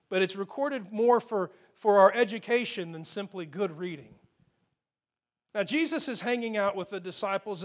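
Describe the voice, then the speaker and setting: A man's voice: high-pitched, a bit bright. A man preaching a sermon, telling a Bible story with rising and falling emphasis. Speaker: pastor.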